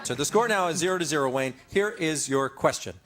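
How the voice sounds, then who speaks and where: A man hosting a comedy game show, exclaiming and reading out questions with animated delivery, in a TV studio with a live audience. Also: fairly high pitch, fairly quick. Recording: loud studio audience laughter and noise.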